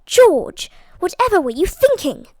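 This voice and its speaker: An indignant aristocratic wife who snaps back sharply, as a woman reads her aloud. Her voice runs high, and the read is close and dry, like a storybook. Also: sing-song, normal speed, no room sound.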